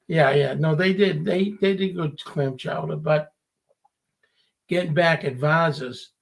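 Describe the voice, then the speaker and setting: A man's voice: a little high, slow, vocal fry. A man from Revere, a guest telling stories in casual chat and acting out the people he quotes. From Revere, Massachusetts. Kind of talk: casual storytelling.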